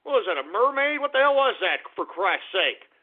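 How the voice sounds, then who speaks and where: A man's voice: high-pitched, sing-song, moderate pace, slight background noise. A man hosting a call-in radio show, ranting in a profane, exasperated way. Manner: profane, exasperated, swears constantly. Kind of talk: call-in talk radio rant. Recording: tinny phone-like radio audio.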